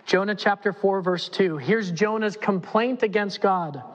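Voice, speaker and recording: A man's voice: high-pitched, measured pace. A man preaching a sermon as pastor to a congregation, emphatic and dramatic. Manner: emphatic, dramatic, acting out quotes. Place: church hall before a congregation. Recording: long reverb in a church hall.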